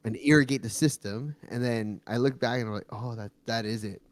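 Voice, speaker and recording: A man's voice: medium pitch, a little fast, dry recording. A man co-hosting a podcast, chatting casually and swearing freely. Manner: animated, swearing, mimics voices in quotes. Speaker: podcast co-host. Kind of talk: casual chat.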